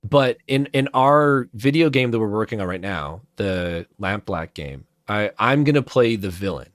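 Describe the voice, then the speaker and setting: A man with a lowish voice, chatting casually as a voice-acting guest. He rambles in a self-deprecating way and tosses off quick asides. The sound is dry and close. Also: animated, no echo. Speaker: voice actor guest. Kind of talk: casual chat.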